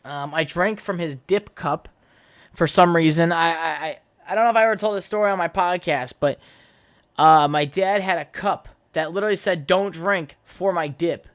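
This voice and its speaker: At a moderate pace and a pitch on the high side, a young man recounts his childhood on his own podcast. His solo storytelling is casual, rambling and profane, packed with fillers and false starts.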